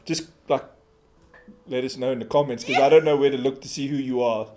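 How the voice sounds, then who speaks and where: A man's voice: mid-range voice, fairly even intonation, a little fast, darkish tone, slight background noise. A man, co-hosting a podcast in casual, rambling, sweary chat. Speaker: podcast co-host.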